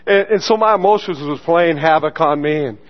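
A storytelling pastor with a voice pitched a little above most men's, working through a personal testimony from the pulpit. He drops into the voices of the people he quotes and laughs often. The recording sounds dull and lo-fi. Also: fairly quick. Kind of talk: sermon testimony. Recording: muffled lo-fi sermon recording.

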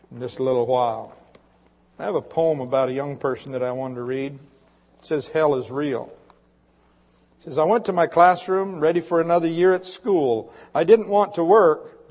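A male preacher giving a sermon in a church, earnestly reading a dramatic poem to his congregation. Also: on the high side. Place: church sanctuary. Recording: muffled recording with long reverb.

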